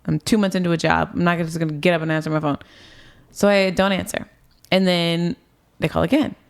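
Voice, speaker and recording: A woman in her twenties tells an interviewer her personal story in a lowish, creaky voice that's clean in tone. She speaks briskly with a steady tone, keeps it casual with lots of "like" and "um", and acts out what people said.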